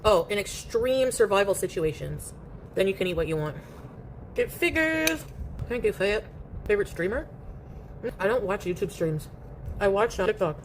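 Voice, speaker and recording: A woman's voice: medium pitch, moderate pace, a little hiss or hum. Chatty woman streaming from home. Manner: chatty and rambling, eating while talking. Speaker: live streamer. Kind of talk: casual live-stream chat, reading viewer comments aloud.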